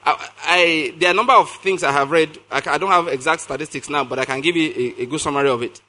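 A male preacher with a high, bright, ringing voice. He reads scripture slowly and repeats key words for emphasis. He keeps checking in with his listeners. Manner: emphatic, repeats key phrases, asks the audience questions. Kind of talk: sermon reading and explaining scripture.

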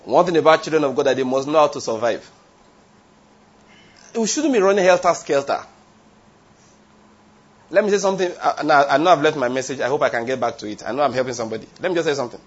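A man's voice: on the high side, animated, fast talker, pauses often, slightly rough. A man preaching a sermon, emphatic, asking the congregation rhetorical questions and drifting into tangents. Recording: dull lo-fi sound.

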